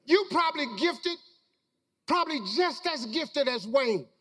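A man's voice: extremely high pitch, animated, a little slow, bright, forceful tone, in a large hall. A middle-aged man telling a personal story to a live audience, in a folksy, preacher-like manner with loose vernacular grammar. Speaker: motivational speaker.

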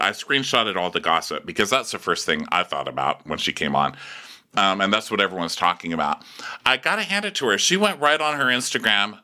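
Catty man with a bright voice. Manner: catty, swears, acts out quotes in falsetto. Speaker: podcast co-host. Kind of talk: comedic TV recap chat.

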